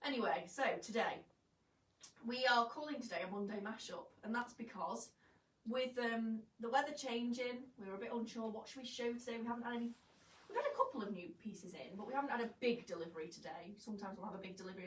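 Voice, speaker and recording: A woman's voice: fairly high pitch, fast. A woman presenting clothes on a live fashion vlog, chatty and jokey, poking fun at herself. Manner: chatty, jokey and self-mocking. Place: shop studio, indoors. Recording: roomy, distant, faint background hum.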